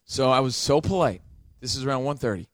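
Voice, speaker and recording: Animated man in his forties telling a story. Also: medium pitch, a little fast, no room sound, studio quality. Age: 40s. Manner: animated, profane, rambling storyteller. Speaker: podcast co-host. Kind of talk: casual storytelling chat.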